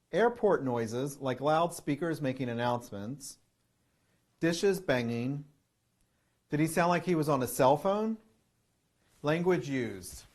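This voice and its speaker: A man calmly giving security training, methodically reading through a checklist of questions. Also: on the high side. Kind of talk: instructional narration.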